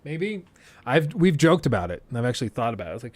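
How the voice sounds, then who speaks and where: A man's voice: mid-range voice, sing-song, quick pace, darkish tone, dry recording. A man chatting casually on a live stream, rambling loosely and slipping into impressions of others.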